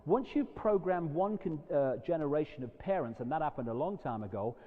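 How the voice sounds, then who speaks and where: Male lecturer, animated and emphatic, mid-high voice, dull lo-fi hall recording with long echo. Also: brisk. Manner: animated and emphatic, jumping between loud outbursts and quiet asides. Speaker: public speaker. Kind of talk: live lecture to an audience.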